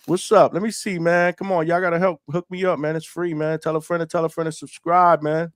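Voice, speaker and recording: A man's voice: a little high, level tone, fairly quick, hardly any pauses, clear, resonant tone, no echo, clean studio sound. A man hosting a live call-in boxing show, laughing often and talking in playful slang. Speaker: host.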